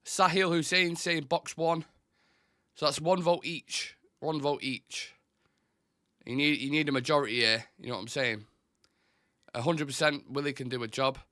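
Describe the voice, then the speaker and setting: Chatty male host, reads the chat aloud, bright tense tone. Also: on the high side, normal speed, pauses often, no room sound, studio quality. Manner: chatty, reads out chat comments, restarts and fillers. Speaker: host of a live football fan show. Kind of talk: casual live-stream chat.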